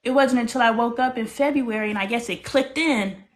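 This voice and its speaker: A woman's voice: a little high, brisk. Earnest, emphatic middle-aged woman. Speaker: book club member. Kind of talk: casual group conversation.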